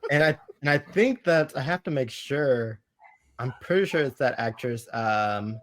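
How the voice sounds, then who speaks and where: Relaxed man with halting speech. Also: medium pitch. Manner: relaxed, hesitant, many fillers. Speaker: guest reviewer. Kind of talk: casual review chat.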